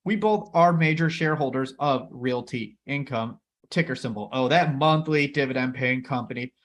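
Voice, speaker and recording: A man co-hosting a casual investing chat, enthusiastic and talking straight to viewers. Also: medium pitch. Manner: enthusiastic, addresses viewers as everybody. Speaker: co-host.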